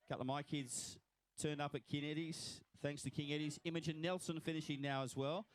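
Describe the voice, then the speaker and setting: A man's voice: on the high side, steady tone, fairly quick. A man with an Australian accent, commentating live at a swim finish line and congratulating each swimmer by name.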